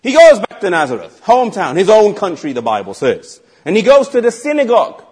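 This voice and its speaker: A man's voice: high voice, huge pitch swings, a little fast, a little mellow, husky. A man preaching a sermon, emphatic and asking the congregation rhetorical questions.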